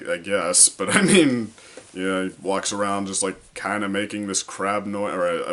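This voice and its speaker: A man's voice: deep voice, pushed and bright. A man reviewing an anime episode in a casual vlog, rambling with many fillers and restarts and sometimes mimicking characters.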